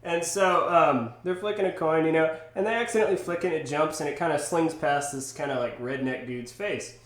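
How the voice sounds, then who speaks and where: A young man from Georgia telling a story in a casual podcast chat, animated and full of "you know" fillers. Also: a little high, brisk. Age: young adult. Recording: roomy echo.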